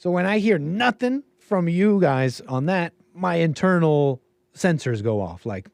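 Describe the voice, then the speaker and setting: A man's voice: on the high side, big pitch swings, measured pace, creaky, dry recording. A man hosting a livestream commentary show, rambling and musing aloud and often trailing off mid-thought. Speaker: show host.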